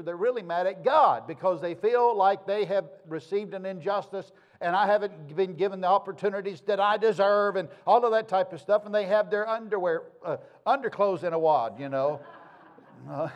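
A male pastor, preaching in a folksy, conversational way with homespun sayings. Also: high voice. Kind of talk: sermon.

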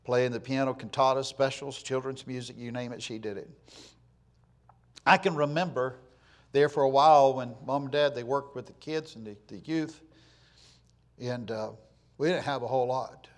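A man, preaching in a folksy storytelling way, repeating words for weight and swinging from loud to hushed. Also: mid-range voice, normal speed, long pauses. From Florida, USA. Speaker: pastor. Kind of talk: storytelling sermon.

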